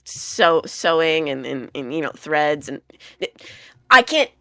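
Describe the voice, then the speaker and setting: A woman's voice: low voice, big pitch swings, slow, a bit bright, no room sound, clean studio sound. A woman playing a tabletop game who rambles and giggles and slips between narration and her character's lines. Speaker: player.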